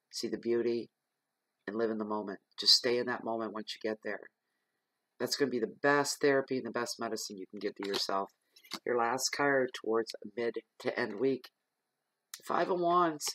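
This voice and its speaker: A man gives a general tarot reading in an earnest, rambling way, stopping often on ums as he talks straight to his listeners. His voice sits at an ordinary middle pitch. The recording is dry and close, with no room sound. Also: fairly bright tone, dry recording, low-quality recording. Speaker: tarot reader.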